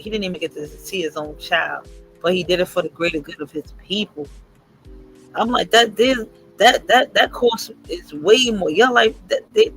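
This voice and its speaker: A man's voice: high voice, sharp tone, rough recording. A man from New York hosting a casual livestream chat, reflective and emphatic, often repeating himself as he works through a thought. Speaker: host.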